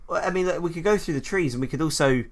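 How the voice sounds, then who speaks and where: A man's voice: on the high side, very fast. A man co-hosting a casual gaming chat, who laughs often and stumbles over names. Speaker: gaming video co-host.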